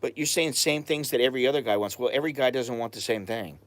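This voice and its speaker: A man's voice: mid-range voice, fast talker, no echo. American man, casual live-stream chat, rambling, blunt, stops to hunt for words. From United States. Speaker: expat vlogger answering live chat.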